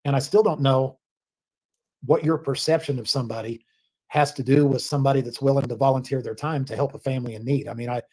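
A man answering interview questions as a family spokesman, earnest and defensive with halting restarts. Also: mid-range voice, steady tone, a little mellow, slightly rough.

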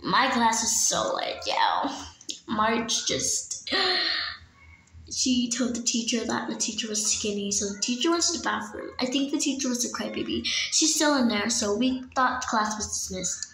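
A woman's voice: a little high, unhurried, a bit bright. A young woman voicing a bratty, slang-talking schoolgirl pet in a homemade toy-figure drama, recorded in a roomy space with faint noise. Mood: gossipy.

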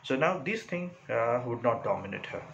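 A male English teacher explaining a short story to a class, talking through it slowly, asking "right?" after each point and filling pauses with "uh". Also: medium pitch, sing-song, vocal fry, a bit bright, dull audio, a little hiss or hum. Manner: explanatory, checks in with "right?" and many "uh" fillers.

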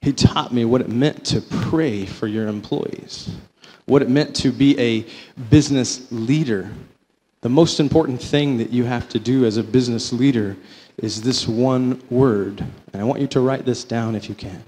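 A man sharing his faith testimony before an audience, telling it as a story that swings between slow, emphatic phrases and quicker runs. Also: mid-range voice, darkish tone, husky, big-room sound. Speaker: company vice president giving a testimony.

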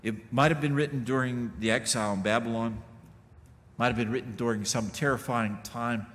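A man's voice: medium pitch, fairly even intonation, moderate pace, fairly bright tone. A middle-aged man preaching a sermon in a casual, folksy way, full of asides to the congregation. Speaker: pastor. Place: church sanctuary. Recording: long reverb of a church hall.

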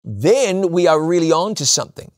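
Guy preaching, fairly high voice, leans hard on key words, dry sound. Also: very animated, no echo. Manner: emphatic, repeats lines for stress, slows on key words. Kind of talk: sermon.

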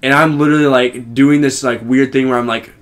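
This young podcast co-host rambles through a long story in casual conversation, leaning heavily on "like." His mid-range voice is steady, a little fast, and a bit bright.

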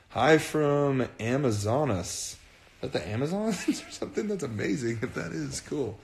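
Man, casual livestream chat, earnest, rambling, roomy echo, medium pitch. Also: expressive, normal speed, gravelly. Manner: earnest, rambling, repeats himself. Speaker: band frontman on a livestream. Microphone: phone.

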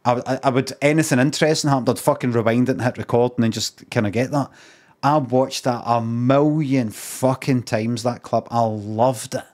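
A man's voice: medium pitch, steady tone, moderate pace, darkish tone. A Scottish man telling a rambling, sweary anecdote on a live stream. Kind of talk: casual storytelling on a live stream.

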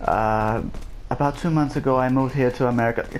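A man's voice: mid-range voice, fairly even intonation, fairly quick, close to an everyday voice, rough recording. A man putting on a chatty young Englishman. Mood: playful. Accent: put-on British. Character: young Englishman newly moved to America.

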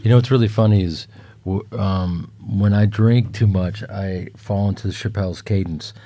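Lower-voiced man guesting on a podcast. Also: steady tone, mellow, no echo. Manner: halting, repeats words while searching for a point. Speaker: actor and comedian guest. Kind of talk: casual chat.

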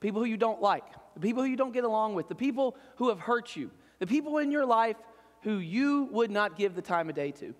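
A man's voice: high voice, animated, brisk, in a large hall. A man preaching a sermon as pastor, earnest and often checking in with "right?". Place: church sanctuary.

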